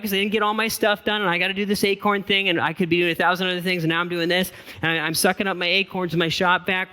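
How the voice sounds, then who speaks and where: Pastor, middle-aged man, slightly high, ringing voice; chatty storytelling sermon, echoing church hall. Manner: casual, self-deprecating, animated storyteller. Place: church auditorium.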